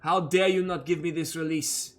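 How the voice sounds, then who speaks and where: A man's voice: on the high side, fairly even intonation, normal speed, lightly acted. A man voicing a wounded, vengeful female outlaw who spits threats. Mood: venomous.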